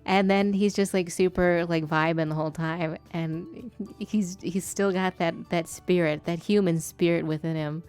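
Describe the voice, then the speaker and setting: Chatty woman streamer with a low voice. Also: fairly even intonation, a little mellow, smooth, faint music behind. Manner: chatty, swearing, quick shifts into a polite customer-service voice. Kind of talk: casual chat while drawing on stream.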